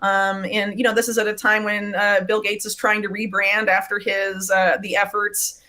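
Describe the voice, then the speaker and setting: A woman's voice: mid-range voice, flat delivery, moderate pace, bright, forceful tone. A woman speaking as an interview guest and investigative writer, explaining at length with many uhs and ums. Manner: detailed, fact-heavy explaining with frequent uhs and ums. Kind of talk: remote interview.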